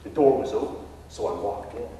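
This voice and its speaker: A man telling a comic tall tale as a contest speech, in a deadpan storytelling manner. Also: brisk, a little hiss or hum. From Texas. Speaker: contest speaker. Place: contest stage in a hall. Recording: echoey hall from far off.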